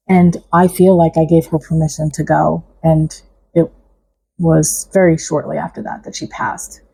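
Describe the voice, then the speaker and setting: A middle-aged woman vlogging to camera about her own experience, reflective and halting, with small restarts. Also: deep voice, flat delivery, creaky, mellow, slightly rough, low-quality recording. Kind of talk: personal vlog talk to camera.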